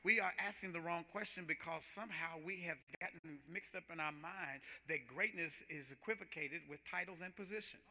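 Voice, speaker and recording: Pastor, male, high and very bright voice, rhythmic sermon delivery with repetitions. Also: moderate pace, hardly any pauses. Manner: preaching with rising, rhythmic intensity and repetitions. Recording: long hall reverb.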